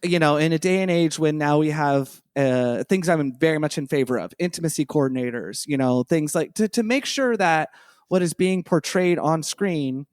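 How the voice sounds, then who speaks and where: A man's voice: on the high side, normal speed, a little mellow, no room sound, studio quality. A man co-hosting a casual podcast, rambling enthusiastically with lots of fillers. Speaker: podcast co-host.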